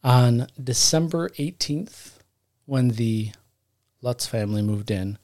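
A man's voice: medium pitch, expressive, slow pace, darkish tone, dry recording, clean studio sound. A man co-hosting a podcast, retelling a story in a casual, rambling way, correcting himself and joking as he goes. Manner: rambling, self-correcting, jokey. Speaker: podcast co-host. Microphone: studio podcast mic.

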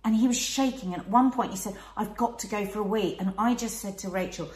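A woman's voice: mid-range voice, fast, a little mellow. Passionate woman in her forties. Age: 40s. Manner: passionate, emphatic storytelling. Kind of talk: casual conversational storytelling. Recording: roomy echo.

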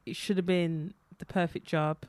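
A woman's voice: fairly low pitch, flat delivery, normal speed, a little mellow, no echo. A woman hosting a podcast interview, encouraging and affirming her guest. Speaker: podcast host. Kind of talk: conversational interview.

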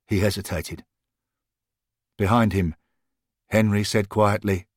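A man narrating a scripted story in a calm, measured, earnest way. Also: low voice, no echo, studio quality. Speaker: podcast storyteller.

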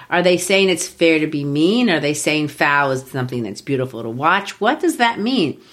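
A woman's voice: low voice, lively intonation, measured pace, hardly any pauses, a bit bright. A woman co-hosting a podcast, casually and enthusiastically explaining a play, tapping out rhythms aloud as she talks. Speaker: podcast co-host. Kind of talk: casual explanatory chat about literature.

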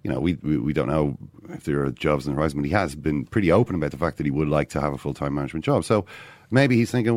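A man with an Irish accent co-hosting a casual sports podcast, lively and often quoting others. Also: a bass voice, racing, no echo. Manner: animated, quotes others in put-on voices. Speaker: podcast co-host.

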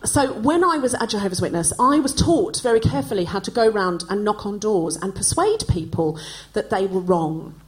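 A woman's voice: medium pitch, lively intonation, moderate pace, few pauses, rough recording. A woman in her forties from Australia, hosting a podcast on a live stage and delivering a stand-up comedy monologue with wry, self-mocking timing. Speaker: podcast host. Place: live stage before an audience.

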